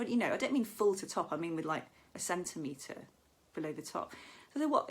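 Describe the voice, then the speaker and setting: Lady doing a standup set online, lowish voice, chatty stories. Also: breathy edge. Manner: chatty storytelling, acts out quoted voices. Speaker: stand-up comedian.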